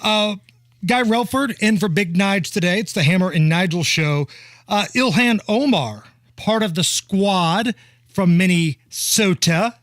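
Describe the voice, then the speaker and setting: A man's voice: high-pitched, expressive, a little slow, a bit bright, no echo. A man hosting a talk radio show, with a blunt, joking, scoffing manner, speaking into a studio microphone. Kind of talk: conservative talk radio chat.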